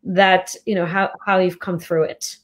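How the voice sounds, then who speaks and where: A woman's voice: on the low side, flat delivery, measured pace. A woman hosting an interview, reacting with sympathy and many exclamations before asking her guest questions. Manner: empathetic, lots of exclamations. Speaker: interview host. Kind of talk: casual interview.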